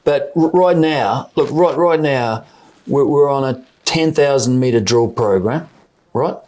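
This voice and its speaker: A man with a New Zealand accent speaks in a middle-pitched, ordinary voice. He is a company chief executive in an investor interview who stumbles and repeats words as he works through his answers. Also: a little mellow. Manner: halting, repeats words while explaining. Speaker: mining company CEO.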